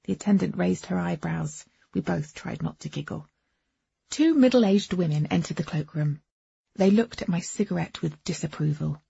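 A woman's voice: fairly low pitch, moderate pace, creaky, mellow, husky, no room sound. A woman reading a first-person novel aloud with wry, understated delivery, on a dull, muffled recording. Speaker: audiobook narrator.

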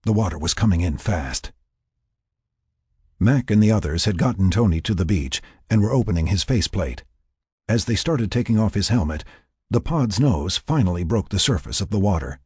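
In a dry, close recording with no room sound, a man with a low, raspy voice reads a scripted, tense story at a measured pace. His pitch swings widely, giving the narration an animated yet slightly mellow feel.

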